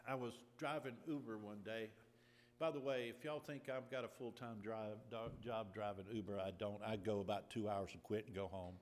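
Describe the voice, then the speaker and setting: A man preaching a sermon and telling a personal story in an earnest, deliberate way, with lots of repetition. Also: on the low side, fairly even intonation. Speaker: pastor. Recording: long reverb of a large hall.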